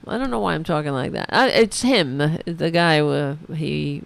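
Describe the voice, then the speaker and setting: A woman's voice: deep voice, expressive, normal speed, gravelly, few pauses, no echo. A woman hosting a podcast, giving sarcastic, profane political commentary and mocking what she hears. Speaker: podcast host.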